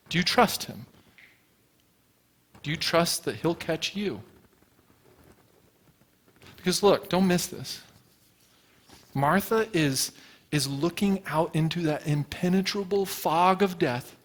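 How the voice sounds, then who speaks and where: A man's voice: a little high, a bit bright. A man preaching a sermon to his congregation in a casual, storytelling way, asking rhetorical questions and using everyday fillers. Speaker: pastor. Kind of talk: conversational sermon. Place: church sanctuary before a congregation.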